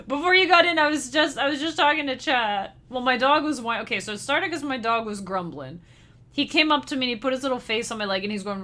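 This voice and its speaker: A woman's voice: on the high side, a little fast, sharp tone. A woman chatting casually with her live-stream chat as a musician, bubbly and giggly, speaking straight to her viewers. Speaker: livestreamer and chiptune musician.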